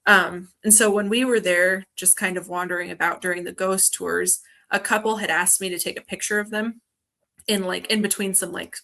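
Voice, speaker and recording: A young woman from Montana, a guest on a video-call interview, telling ghost stories in a lively way and laughing often. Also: lowish voice, vocal fry. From Montana, USA. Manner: animated storyteller, laughs often. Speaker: guest, film festival organizer.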